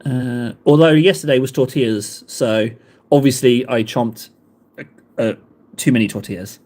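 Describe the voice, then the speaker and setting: A man's voice: medium pitch, moderate pace, a little mellow. A man, chatting casually with live viewers in a rambling, self-deprecating way. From England. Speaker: livestream host.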